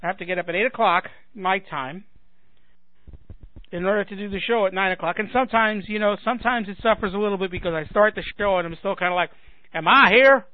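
Higher-voiced man, chatty fill-in radio host, rambly, tinny phone-line sound. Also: fairly even intonation, fast talker, dry recording. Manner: rambling, self-deprecating, many restarts. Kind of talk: casual radio chat. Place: home in Chicago.

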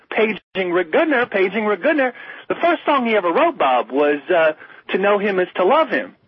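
A man co-hosting a radio talk show chats casually about music, emphatic and rambling, with many restarts. His voice is high-pitched with a breathy edge, heard through a slightly muffled radio broadcast.

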